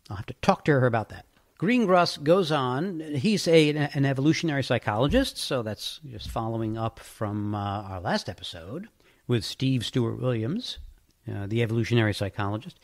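A man hosting a podcast, talking through research in a relaxed, conversational monologue. He thinks aloud as he goes, with frequent fillers and restarts. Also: mid-range voice. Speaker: podcast host. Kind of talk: casual explanatory monologue.

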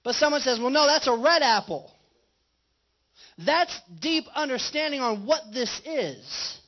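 A man's voice: very high-pitched, lively intonation, unhurried. A male pastor preaching a conversational sermon in a church and putting questions to his congregation. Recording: dull lo-fi livestream audio.

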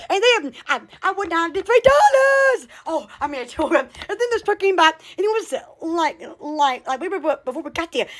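A woman from Alabama who owns a store chats casually with viewers on an Instagram live stream from her phone, in a hot room at home. Her very high-pitched voice is a bit bright, and she's bubbly, full of exclamations and laughter.

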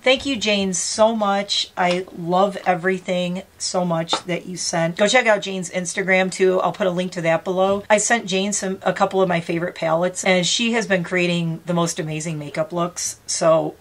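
A woman's voice: fairly low pitch, fairly even intonation, normal speed, few pauses. A woman in her fifties chatting casually as she unboxes gifts on her vlog, gushing and talking to her pet bird. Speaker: vlogger.

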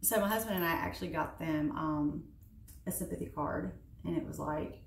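A woman in her late thirties talks casually while doing her makeup at home, venting in an animated, sarcastic way. Her voice sits a little low. The room is echoey, with a faint hiss of noise behind her. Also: normal speed, creaky. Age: 30s. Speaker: beauty vlogger.

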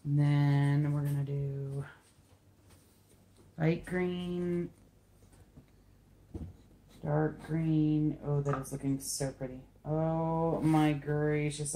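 A woman with a low voice talks slowly and chattily as she works on a craft project. She is giggly and pokes fun at herself. The room around her is echoey. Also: little pitch movement, mellow, slight background noise. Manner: chatty, giggly, self-deprecating. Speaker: acrylic pour artist. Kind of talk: casual craft vlog chat.

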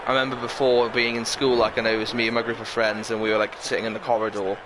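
A young man in his twenties, rambling and chatty, who keeps breaking into laughs as he talks to camera. His voice sits at an ordinary middle pitch, and a steady hiss of background noise runs under it throughout. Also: racing. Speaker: channel host. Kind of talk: casual storytelling to camera.

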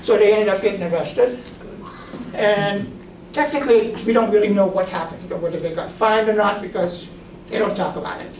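At a moderate pace, a high-voiced man casually tells stories about his drone photography work, animatedly acting out the voices of people he quotes. The recording is roomy, noisy, and made with a distant mic.

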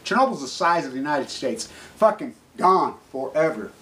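A middle-aged man ranting angrily to camera, swearing constantly and swinging from low mutters to shouts. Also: big pitch swings, moderate pace, hardly any pauses, poor audio. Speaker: activist vlogger. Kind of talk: angry profane rant to camera.

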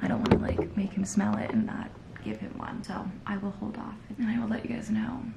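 A woman's voice: mid-range voice, flat delivery, brisk, vocal fry, in a whisper, highs cut off. A young woman vlogging at home in a chatty, giggly way, recorded on her camera's built-in microphone. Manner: chatty and giggly, rambling asides. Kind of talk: casual vlog chat. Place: at home, indoors. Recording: echoey room on a camera mic.

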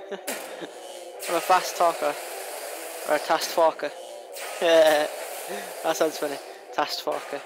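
A young man casually commentating a video game, talking fast, rambling and taunting the boss. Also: sits high. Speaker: gameplay commentator. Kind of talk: casual let's play commentary. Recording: noisy home recording.

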